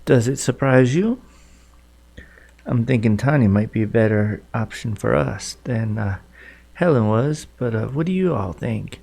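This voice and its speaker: A man's voice: medium pitch, a little slow, vocal fry, warm tone. A man casually commenting to his viewers as he plays through a story game. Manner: folksy, chatty, talks to viewers. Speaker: gaming video host.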